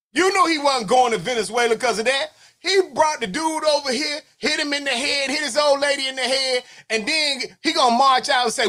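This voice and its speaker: A man giving fiery livestream political commentary, preaching at his audience, often shouting and repeating phrases for emphasis. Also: very high voice. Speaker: military veteran streamer.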